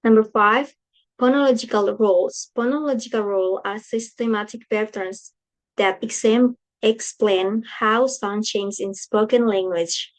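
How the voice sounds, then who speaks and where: A woman's voice: medium pitch, poor audio. A young woman with an Indonesian accent, whose first language is Indonesian, reading a class presentation aloud carefully, with slips and restarts. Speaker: student presenting coursework.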